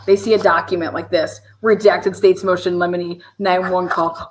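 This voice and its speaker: A woman hosting a casual livestream, ranting in a profane, exasperated and sarcastic way, her voice slightly hoarse. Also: on the low side, steady tone, normal speed, roomy sound, slight background noise, rough recording. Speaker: true crime livestream host.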